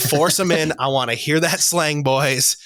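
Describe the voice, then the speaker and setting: A man's voice: on the high side, fairly bright tone, no echo. A man hosting a comedy podcast, joking and laughing as he reads promos and introduces the contestants. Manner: jokey, reads promos quickly, laughs often. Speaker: host.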